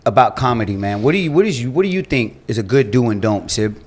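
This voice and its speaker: A man's voice: mid-range voice, big pitch swings, quick pace. A man hosting a comedy podcast, joking and laughing often while he pushes the guest to tell more. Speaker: podcast host. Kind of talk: casual interview chat.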